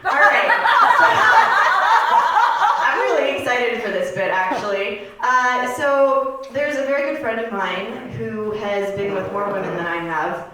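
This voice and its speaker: A woman of thirty doing a stand-up comedy set on a club stage, rambling and deadpan, with plenty of filler words. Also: fairly high pitch, measured pace. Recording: echoey club room from far off.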